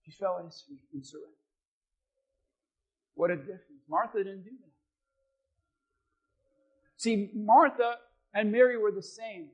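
A male pastor preaching a sermon, swinging from quiet scripture reading to shouted, fervent preaching. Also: high-pitched, unhurried, long pauses, breathy edge, muffled recording.

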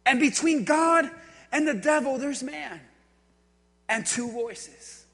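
A man preaching a sermon in an emphatic, repetitive way, often dropping to a quiet intensity. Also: very high-pitched, slow, pauses often. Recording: echoey hall.

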